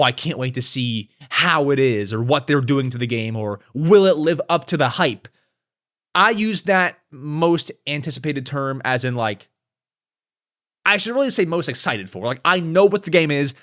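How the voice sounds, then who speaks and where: A young man hosting a podcast in casual chat, animated, swinging between loud outbursts and low mutters. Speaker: podcast host.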